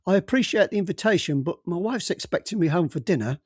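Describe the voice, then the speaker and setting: A man's voice: high voice, animated, fast, darkish tone, slightly rough, no echo, clean studio sound, pitched above the performer's own voice. A man voicing a timid young male detective who is eager to please, speaking politely and hesitantly.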